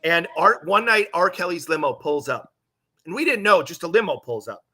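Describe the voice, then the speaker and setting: A middle-aged man, a podcast host, telling a long story in a casual, profane, animated way. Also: on the high side, moderate pace, slight background noise.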